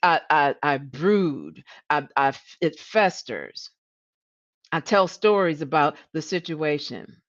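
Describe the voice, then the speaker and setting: A woman coach talking to a live audience, with a fairly low voice. She gets animated and repeats herself as she works through a thought. The audio is slightly dull and lo-fi. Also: takes it slowly. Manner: animated, restarts and repeats words, rises when passionate. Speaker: leadership coach and livestream host. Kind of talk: coaching talk.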